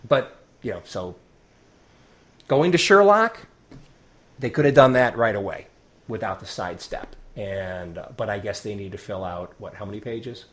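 A man co-hosting a podcast, chatting casually, opinionated and dry with deadpan asides, sometimes tripping over his words. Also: on the low side, moderate pace. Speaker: podcast co-host. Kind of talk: casual chat.

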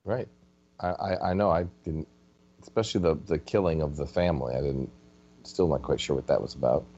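Male podcast co-host, extremely low voice, halting and self-deprecating, muffled recording. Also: dark tone, slight background noise. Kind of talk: casual chat.

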